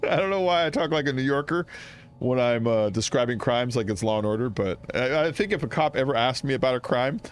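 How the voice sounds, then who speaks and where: A man's voice: mid-range voice, expressive, a little fast, clean tone. A man giving casual, joking commentary while playing a game. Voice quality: joking, chatty, laughs often. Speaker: gaming streamer.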